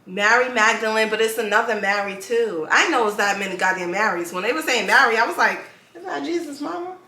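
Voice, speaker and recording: A woman's voice: medium pitch, quick pace, pushed and bright, reverberant. A woman hosting a podcast, telling stories casually with slang and laughter. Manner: loose storytelling with slang and laughs. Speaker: podcast host. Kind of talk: casual chat.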